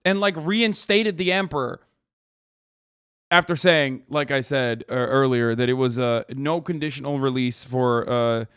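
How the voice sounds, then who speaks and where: A man's voice: medium pitch, a little slow, a bit bright, clear, resonant tone, no room sound, clean studio sound. A man reacting to a video as a streamer, ranting casually and profanely with lots of fillers. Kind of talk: casual commentary.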